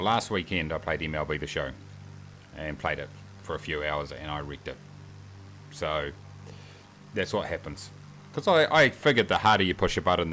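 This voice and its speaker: A New Zealand man livestreams a flight sim, chatting in a rambling, joking, self-mocking way. His voice is deep with a fairly bright tone, and there's a little hiss or hum.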